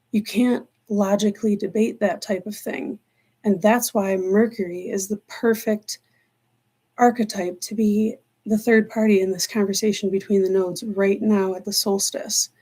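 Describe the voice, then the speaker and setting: A woman hosting a live tarot stream, talking in an earnest, meandering way, slowing down on key words and near tears at times. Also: mid-range voice, dark tone. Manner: earnest, meandering, slows down for emphasis. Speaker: tarot reader livestream host. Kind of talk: live-stream spiritual talk.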